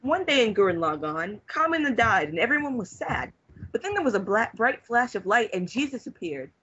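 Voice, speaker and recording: Bright young man reading deadpan. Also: high-pitched, a little fast, lo-fi sound, a little hiss or hum. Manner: deadpan reading, fighting back laughter. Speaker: reader among friends. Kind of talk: reading fanfiction aloud.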